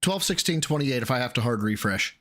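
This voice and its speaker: A man with a Midwestern American accent reacting to a clip on his live stream, swearing and exasperated, his voice jumping high. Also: lively intonation, a little fast, a bit bright. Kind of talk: casual live-stream commentary.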